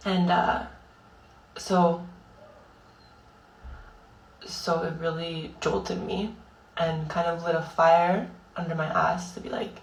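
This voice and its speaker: Tearful young woman, slow halting vlog delivery, lowish voice, roomy distant sound. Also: flat delivery, slight background noise. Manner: halting and raw, heavy swearing, many fillers. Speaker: vlogger. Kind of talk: emotional personal monologue.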